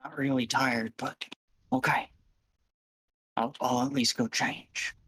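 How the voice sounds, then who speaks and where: A man playing a tabletop game, talking in a halting, stammering, playful way. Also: medium pitch, level tone, sharp tone, husky, no echo, rough recording. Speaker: player. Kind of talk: casual in-character chat.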